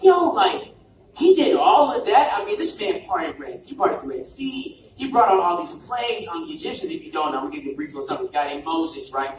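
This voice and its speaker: A man preaching in an energetic storytelling way to a young crowd, restarting phrases and shouting for emphasis. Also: high-pitched. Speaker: church youth preacher. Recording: echoey hall, distant mic, background noise.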